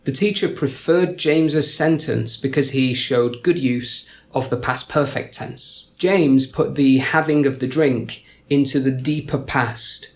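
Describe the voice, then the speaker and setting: A young adult man, an English teacher, giving a scripted grammar lesson with clear, deliberate delivery and stressed words. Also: mid-range voice.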